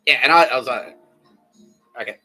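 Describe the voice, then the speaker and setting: Bright-voiced rambling podcast host. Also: male voice, medium pitch, lively intonation, moderate pace, soft background music. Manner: loose, profane, acts out voices in his story. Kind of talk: rambling comedic monologue.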